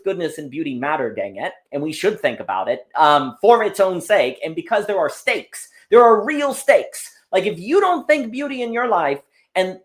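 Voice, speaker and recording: A man speaks as a conversation guest, his voice sitting a little high and swinging widely in pitch as he tells stories. He talks in loose, rambling runs, often restarting his sentences and tumbling into asides. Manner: animated, rambling storytelling with frequent restarts. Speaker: podcast guest. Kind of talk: casual conversation.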